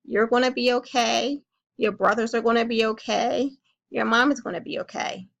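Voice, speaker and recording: A woman playing a calm, caring counselor who gently comforts and reassures a young child in a role-played session. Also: on the high side, moderate pace, vocal fry, dull audio. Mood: soothing.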